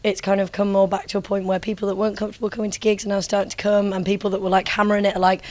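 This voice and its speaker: A woman's voice: medium pitch, flat delivery, very fast, darkish tone. Woman interviewing a band, chatty, says um a lot, mid voice. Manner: chatty, friendly slang, many ums. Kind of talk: casual interview chat.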